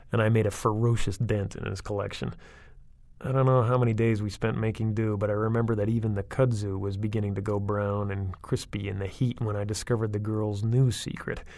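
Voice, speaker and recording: A man's voice: fairly low pitch, darkish tone, no room sound. A man narrating a first-person horror story in a wry, conversational storytelling manner. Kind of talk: audiobook reading of a horror story.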